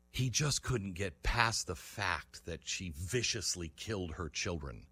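A man hosting a political talk show, reading scripture in a preaching cadence and then yelling his frustration at listeners. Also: deep voice, lively intonation, measured pace, hardly any pauses, slightly rough, no room sound.

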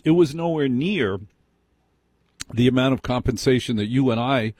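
A man hosts a late-night call-in radio show, chatting with callers in a wry, self-mocking way. He speaks at normal speed with a medium-pitched, darkish voice into a studio microphone.

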